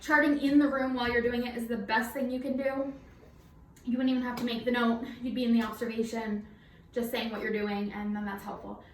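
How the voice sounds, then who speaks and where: A woman's voice: on the high side, little pitch movement, fairly quick, slight background noise. A woman working as a night nurse, talking a little out of breath through a face mask as she teaches a nursing simulation in a chatty, informal way with many fillers. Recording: roomy echo, mic at a distance.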